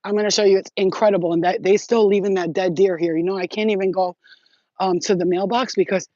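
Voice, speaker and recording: A woman talking straight to her viewers in a rambling, excitable, profane monologue full of street slang. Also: medium pitch, fast, no room sound, highs cut off. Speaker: spiritual vlogger.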